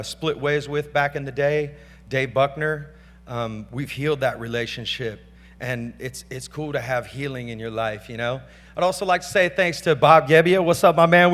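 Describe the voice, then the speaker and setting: A man's voice: a little high, fairly bright tone. A middle-aged man giving a casual, off-script acceptance speech at a gala, loose and slangy, calling out thanks to family and friends on a stage microphone. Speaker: award speaker at a gala. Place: large banquet hall. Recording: reverberant banquet hall with faint hum.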